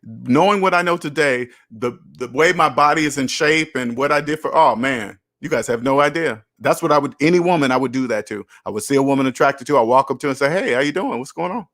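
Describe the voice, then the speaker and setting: Speaking brisk and fairly bright at a medium pitch, a male host in his thirties or older reads and responds to chat on a casual livestream. He addresses viewers bluntly and preachily, swearing freely.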